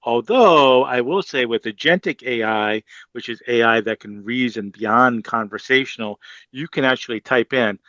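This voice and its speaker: A man with a Boston accent, speaking on a webinar panel with an emphatic, lively manner. His voice sits mid-range. He sounds dull and dry, as on a lo-fi video call. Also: mid-range voice, unhurried, dry recording. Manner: animated, emphatic, conversational.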